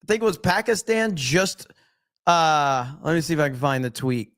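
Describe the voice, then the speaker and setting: A man's voice: on the high side, lively intonation, moderate pace, fairly bright tone, no echo, studio quality. A man hosting a live stream, commenting on news clips in an emphatic way and repeating his points. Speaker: streamer host.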